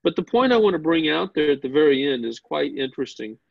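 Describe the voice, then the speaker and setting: A man's voice: fairly high pitch, very animated, fast talker, creaky, dry recording, muffled recording. A man teaching a Bible class, explaining step by step, asking the class questions and often repeating words as he starts a sentence.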